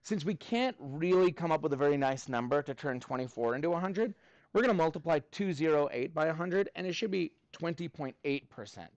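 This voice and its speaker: Male math teacher with a high, swooping voice, dry close sound, playful with the class. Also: brisk, dry recording, muffled recording. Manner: animated, playful, calls on students by name.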